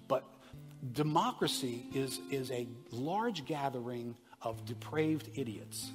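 A man preaching a sermon to a congregation, moving from conversational asides to loud, impassioned passages and asking the room direct questions. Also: mid-range voice. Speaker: pastor. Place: church sanctuary. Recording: preached in a reverberant hall, soft guitar behind.

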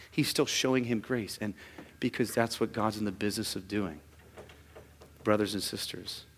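A man's voice: lowish voice, slightly rough. A man preaching a sermon as pastor, emphatic, often repeating words as he starts a sentence. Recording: long reverb of a large hall.

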